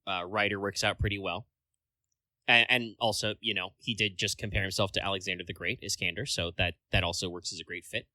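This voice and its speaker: A man's voice: sits low, steady tone, brisk, pushed and bright, no echo. A man co-hosting a casual podcast chat, rambling along with lots of filler words and casual swearing. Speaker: podcast co-host.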